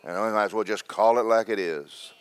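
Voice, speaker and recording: A man's voice: lowish voice, brisk, smooth, dry recording. A man preaching a sermon, telling Bible stories in a folksy, joking way with voices for the characters. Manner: folksy storytelling with comic voices.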